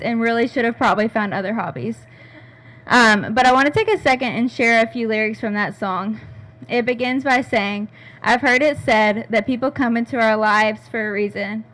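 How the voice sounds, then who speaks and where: Woman in her twenties, higher pitch, reads an emotional prepared toast. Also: a bit bright. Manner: heartfelt, reading, on the verge of tears. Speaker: bridesmaid giving a toast. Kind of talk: read-out wedding toast. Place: rehearsal dinner venue.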